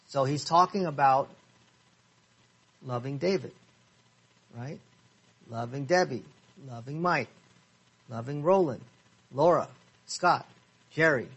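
A man teaching a Bible study class, reading verses slowly and asking the class questions. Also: a little high, husky. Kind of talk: interactive Bible study lesson. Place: church classroom.

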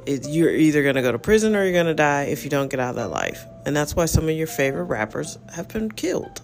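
A man's voice: a little high, big pitch swings, quick pace, vocal fry, soft background music. A man hosting a casual solo podcast, talking in a rambling, frank way full of fillers. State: yawning, relaxed. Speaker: podcast host.

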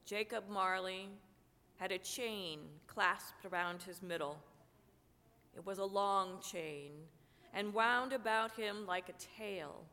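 A woman pastor with a cold delivers a sermon at an unhurried pace, earnest and now and then wry. Her voice sits in a middle register. A long reverb hangs behind her words, as in a church sanctuary. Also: mid-range voice, sharp tone. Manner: slow, earnest, with asides of humor. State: has a cold, coughing. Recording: long reverb of a large room.

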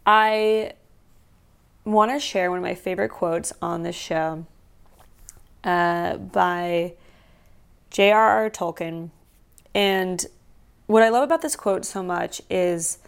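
A woman hosts her own show alone, her voice sitting a little low and full of vocal fry. She talks casually with a sardonic, animated edge and slows into softer reflection at times. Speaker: podcast host. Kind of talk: casual solo commentary.

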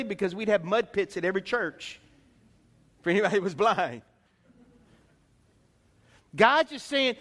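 Male pastor, high voice, emphatic sermon delivery with rhetorical questions, long sanctuary reverb. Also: a bit bright. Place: church sanctuary. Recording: long reverb in a church hall.

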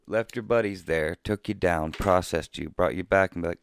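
A man's voice: low-pitched, normal speed, creaky, clear, resonant tone, dry recording, clean studio sound. A man co-hosting a podcast, cracking jokes and teasing his co-host. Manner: joking, teasing reactions. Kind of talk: casual chat.

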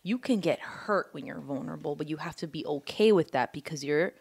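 A woman co-hosting a podcast, chatting candidly and telling a story with lots of "like" and acted-out quotes. Her voice sits a little low for a woman. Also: brisk, gravelly, breathy edge. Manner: animated storytelling with many fillers and quoted dialogue. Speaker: podcast co-host. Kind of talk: candid casual chat. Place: living in New York.

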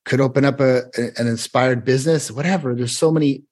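His mid-range voice moves at a quick pace as the choreographer guest relates a long story in casual chat. The telling is lively and meandering, with frequent restarts.

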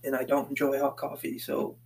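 A man's voice: medium pitch, monotone, brisk, darkish tone, low-quality recording. A man from the Boston area hosting a casual solo podcast from his basement, rambling from thought to thought and swearing constantly as he paces back and forth. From Boston area, USA. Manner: profane, meandering, swears constantly. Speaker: podcast host.

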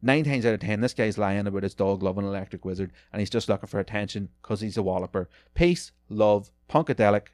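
A male podcast host with a slightly low voice, ranting in a sarcastic, profane way. He sounds like a young adult reacting off the cuff. He swears freely and mocks the posts he reads out. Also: quick pace, hardly any pauses, a little mellow, no room sound, studio quality. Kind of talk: solo podcast rant.

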